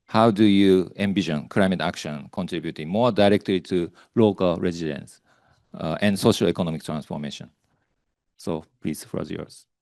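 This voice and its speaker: Low male panel chair, hesitant, dry close sound. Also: normal speed, gravelly, darkish tone, dry recording. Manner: hesitant, many fillers. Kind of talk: moderating a panel.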